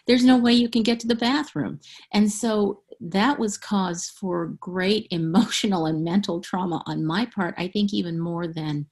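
A middle-aged woman, an author being interviewed, speaking candidly and frankly and laughing often. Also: on the low side. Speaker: author guest. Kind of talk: interview conversation.

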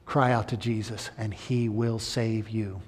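A man preaching a sermon as pastor, moving between impassioned emphasis and hushed, near-whispered appeals. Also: fairly low pitch, steady tone, measured pace, slightly rough. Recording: long hall reverb.

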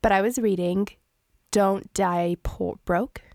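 A woman's voice: medium pitch, steady tone, slow, gravelly, a little mellow, no room sound. A nasally congested woman chats on a podcast mic in a bone-dry room. She is chatty and laughs easily, talking loosely about what she has been reading. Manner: chatty, laughs often, sings playful jingles. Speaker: podcast co-host. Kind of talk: casual podcast chat. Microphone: studio microphone.

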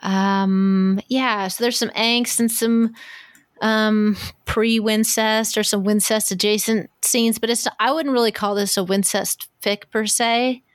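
A podcast co-host in a casual chat about fan fiction, a woman animatedly retells a story, quotes characters and swears casually. Her mid-range voice is level and unhurried, captured with clean studio sound and no echo.

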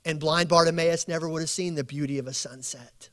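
A man preaching at a bible study, telling stories with acted quotes and building slow emphatic lists. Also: a little high, fairly even intonation. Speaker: pastor.

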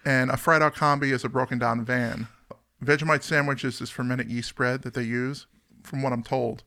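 A man's voice: mid-range voice, steady tone, moderate pace, gravelly, pushed and bright. A man from the US East Coast hosting a song countdown podcast, chatting casually with jokey, rambling asides. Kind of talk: casual chat.

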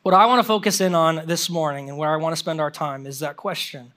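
Young man, pastor, sermon, high voice, animated, casual filler words. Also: quick pace.

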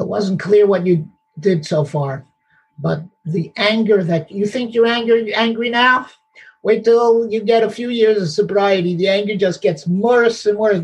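Man, high-pitched, rough and husky, emphatic and repetitive recovery-meeting share. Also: poor audio. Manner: emphatic, repetitive, laughs at himself. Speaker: meeting member sharing.

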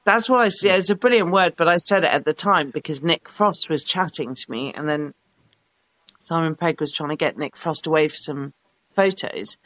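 A woman's voice: low voice, normal speed, fairly bright tone, no room sound. A woman in her forties, a podcast guest telling rambling, sweary stories with lots of fillers. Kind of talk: casual chat, telling anecdotes.

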